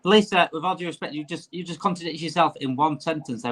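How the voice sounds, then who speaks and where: A man hosting a casual live-stream chat, ranting in an animated way. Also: fairly high pitch, fast talker, hardly any pauses.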